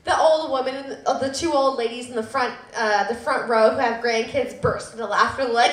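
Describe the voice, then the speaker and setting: A woman's voice: on the high side, moderate pace, a bit bright, roomy sound. A woman in her thirties telling a personal story live at a public storytelling event, self-deprecating with laughing asides.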